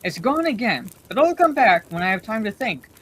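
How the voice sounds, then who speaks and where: A woman voicing a fat, bustling middle-aged male innkeeper who talks on and on, hurried and forgetful, in a storybook reading. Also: medium pitch, big pitch swings, fairly bright tone, husky. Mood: flustered.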